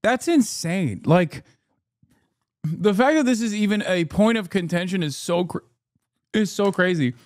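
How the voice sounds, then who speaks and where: A male streamer giving heated, profane reaction commentary, talking fast with many fillers. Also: sits high, expressive, a little mellow, no echo, studio quality.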